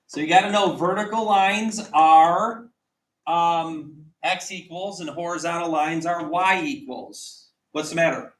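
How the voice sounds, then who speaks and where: A man teaching a math lesson to a class, quizzing students with quick repeated questions. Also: a little high, a bit bright. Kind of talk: classroom lecture. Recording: echoey classroom, mic at a distance.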